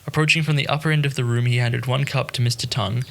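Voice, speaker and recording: A man's voice: mid-range voice, fairly even intonation, fast, gravelly. A man narrating an audiobook who often restarts and corrects himself as he reads.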